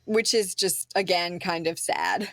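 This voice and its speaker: A woman's voice: lowish voice, very animated, unhurried, no room sound, studio quality. A woman podcast host in casual chat, recapping a film scene by scene, with lots of "um" and "like". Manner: chatty storyteller with frequent "um" and "like".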